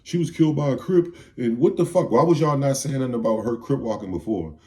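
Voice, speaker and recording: A man's voice: mid-range voice, expressive, fast, warm tone. A man giving a heated, profane commentary rant, firing off rhetorical questions. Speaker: video commentator.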